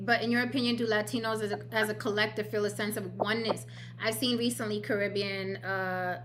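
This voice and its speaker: A woman from New York hosting a casual livestream panel chat, blunt and quick to laugh, swearing freely. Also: medium pitch. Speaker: host.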